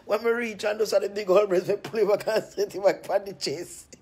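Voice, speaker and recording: Husky woman chatting on a phone live. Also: medium pitch, brisk. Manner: chatty, laughs often, animated storytelling. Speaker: cream seller on a live stream. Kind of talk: rambling casual live-stream chat. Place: at home, just out of bed. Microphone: phone on a live stream.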